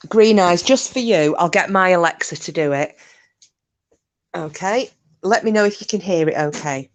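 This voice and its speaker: A woman's voice: lowish voice, moderate pace. A woman with an Australian accent, hosting a live stream and chatting casually with viewers, giggling often and answering them by name.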